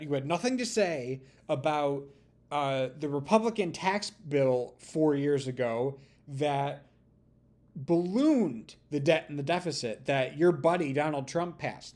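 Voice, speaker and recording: Man, vlogger doing reaction commentary, slightly high voice, sarcastic and heated. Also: lively intonation, measured pace, a little mellow. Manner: sarcastic, heated ranting with mocking impressions.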